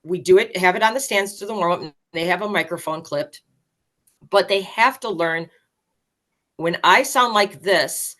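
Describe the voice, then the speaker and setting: A woman in her fifties, a band director, explaining her teaching methods in an energetic, emphatic way as a podcast guest. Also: on the low side, moderate pace. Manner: energetic, emphatic, acts out student voices.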